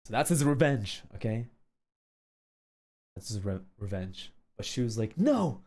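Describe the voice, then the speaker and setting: Slow-talking animated male streamer. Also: lowish voice. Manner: animated, shouting sound effects and repeating "okay?". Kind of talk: casual storytelling on a livestream.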